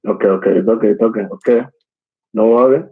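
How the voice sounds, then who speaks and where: A man's voice: fairly low pitch, fast talker, husky. A man on a phone call, repeating reassurances in broken English and pleading over and over. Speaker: phone scammer. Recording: tinny phone line.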